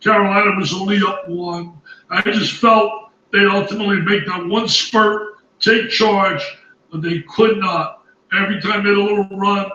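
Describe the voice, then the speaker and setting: A man's voice: sits high, steady tone, normal speed, pushed and bright, roomy sound, far from the mic, highs cut off, a little hiss or hum. A man reacting as a college basketball analyst, exclaiming emphatically and repeating his phrases in disbelief. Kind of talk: excited studio reaction commentary.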